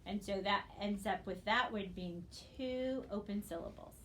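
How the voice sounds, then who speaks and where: A woman teaching a phonics lesson, sounding out syllables slowly and checking in with "okay?" after each step. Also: mid-range voice, a bit bright, slight background noise. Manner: patient, checks in with frequent "okay?". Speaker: reading teacher.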